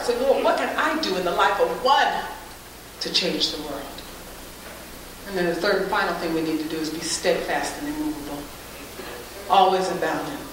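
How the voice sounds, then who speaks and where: A woman giving a faith-based public speech, preacherly, building to loud emphatic peaks, recorded from a distant mic in a very echoey hall with faint hiss. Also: mid-range voice. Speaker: guest speaker.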